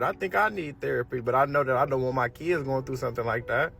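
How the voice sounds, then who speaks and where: A man's voice: medium pitch, fast, gravelly, a bit bright, faint music behind. A young man giving his blunt, profane opinion in a casual rant. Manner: blunt, profane, laughs at his own point. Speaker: commenter.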